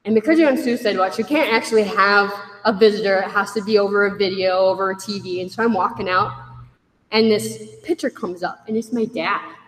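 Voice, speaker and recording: A woman shares her own story with a group in a candid, wry way, briefly taking on the voices of the people in it. Her voice sits at a middle pitch. The sound carries the long echo of a big hall. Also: fairly even intonation, a little fast, a bit bright, a little hiss or hum. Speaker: speaker sharing a recovery story. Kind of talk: personal testimony to a group. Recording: echoey hall.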